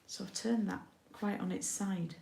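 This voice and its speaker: A woman's voice: medium pitch, steady tone, a little slow, creaky, warm tone, roomy sound, a little hiss or hum. A middle-aged woman from the UK giving a casual card-making tutorial, chatty and often checking in with her viewers.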